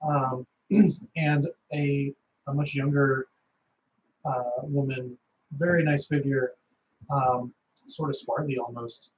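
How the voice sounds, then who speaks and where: Casting note: male game master, middle pitch, halting casual narration. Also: flat delivery, a little mellow, a little hiss or hum, poor audio. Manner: halting, many fillers and restarts.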